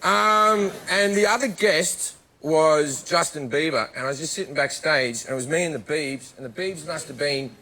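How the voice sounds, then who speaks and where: A man's voice: on the high side, moderate pace, hardly any pauses, sharp tone. A middle-aged man with an Australian accent, telling brash comic stories as a talk show guest, laughing and slipping into mock voices. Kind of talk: comic storytelling on talk shows.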